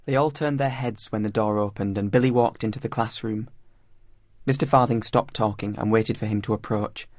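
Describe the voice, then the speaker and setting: A man reading a story aloud in a measured, plain narration. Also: fairly low pitch, fairly even intonation, darkish tone, no echo, clean studio sound. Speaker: audiobook reader. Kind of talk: scripted narration.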